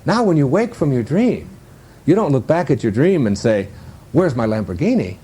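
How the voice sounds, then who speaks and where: A man's voice: fairly high pitch, sing-song, normal speed, warm tone, husky. A man with a Detroit accent, musing through a reflective interview and laughing at his own jokes. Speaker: self-help speaker.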